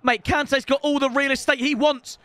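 A young man streaming a football video game, chatting to the lads in cheeky banter and breaking into loud outbursts. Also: very high-pitched, level tone, moderate pace. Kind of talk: gaming stream commentary. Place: home room with builders' noise outside. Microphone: headset.

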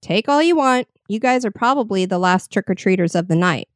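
A woman's voice: mid-range voice, lively intonation, a little fast, no room sound, studio quality, close to an everyday voice. A woman reading the part of a huffy, irritable thirty-year-old woman in a horror tale. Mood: grumpy. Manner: huffy, sarcastic.

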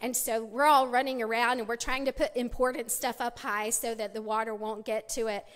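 Woman speaker, middle-aged, fairly high voice, storytelling testimony, reverberant church hall. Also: fairly even intonation, fairly quick, a bit bright. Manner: storytelling, many restarts, acts out quoted voices. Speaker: conference speaker. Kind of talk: personal testimony talk. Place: church sanctuary.

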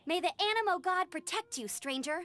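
A woman's voice: very high voice, animated, fairly quick, a bit bright, slight background noise. A woman voicing an earnest, eager young scout knight who speaks formally and a bit suspiciously, in game voice acting. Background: game music.

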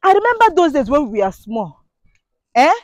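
A woman's voice: sits high, sing-song, moderate pace, dry recording. A woman giving an indignant, preachy monologue to her viewers, full of rhetorical questions. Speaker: vlogger. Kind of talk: impassioned monologue to camera.

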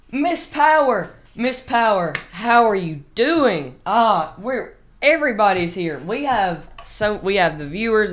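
On a drumming livestream, a woman with a lowish voice chats casually with viewers. She's excitable, breaking into sudden loud shouts and rambling restarts.

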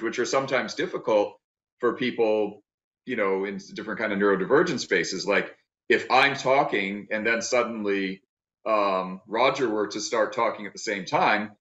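Low-voiced man lecturing over a video call. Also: fairly bright tone. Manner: thoughtful, halting, many restarts and fillers. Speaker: guest lecturer. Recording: roomy, dull video-call audio.

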